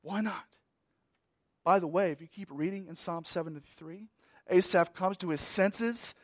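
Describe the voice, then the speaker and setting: A man preaching a sermon as pastor, repeating key words and swinging between emphatic raised passages and hushed, trailing phrases. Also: high-pitched, normal speed, no echo, studio quality.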